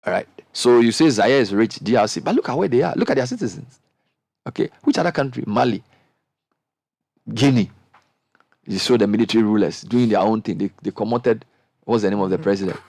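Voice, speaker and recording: A middle-aged Ghanaian man hosting a radio panel, impassioned and animated. His voice swings widely in pitch, often jumping high when he presses a point. The sound is close and dry. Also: a little fast, gravelly, pauses often, no echo. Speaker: radio show host. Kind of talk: panel discussion.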